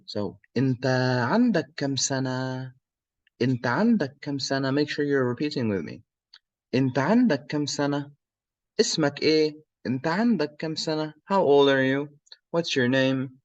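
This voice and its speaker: A man's voice: medium pitch, no room sound, muffled recording. A man teaching a language lesson, repeating short phrases and often checking in with the learner. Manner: repeats phrases slowly, checks in with "okay?" and "yes?". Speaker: Arabic teacher.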